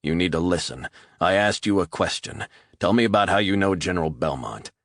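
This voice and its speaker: A man's voice: low-pitched, animated, fairly quick, a bit bright, no room sound, clean studio sound. A man voicing a hard male operative who speaks in curt, threatening commands. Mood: menacing.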